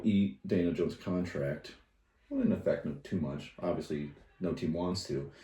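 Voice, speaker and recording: A man's voice: deep voice, warm tone. A young man co-hosting a casual sports podcast, laid-back and speculative, with many fillers. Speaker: podcast co-host. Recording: roomy echo.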